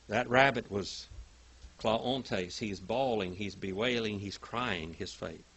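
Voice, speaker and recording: An older man teaching a Bible class, telling stories dramatically and reading Greek aloud word by word. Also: lowish voice. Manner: dramatic, emphatic storytelling with big swings in loudness.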